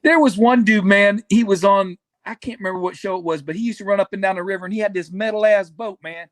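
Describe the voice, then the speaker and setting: A man co-hosting a casual chat, telling stories excitedly and laughing often. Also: high voice, fast talker, dry recording. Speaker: podcast co-host.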